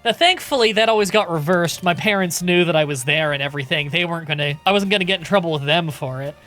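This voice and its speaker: A man streaming a game live, chatting in a relaxed, casual way with some swearing as he answers chat questions. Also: on the high side, fast talker.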